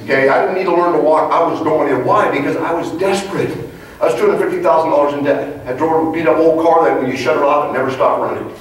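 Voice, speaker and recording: Man giving an animated talk in an echoey hall. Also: on the high side, fast talker. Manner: animated storyteller, punchy rhetorical questions. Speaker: leadership trainer. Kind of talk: motivational speech to a live audience. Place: large conference hall. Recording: echoey hall, mic far off.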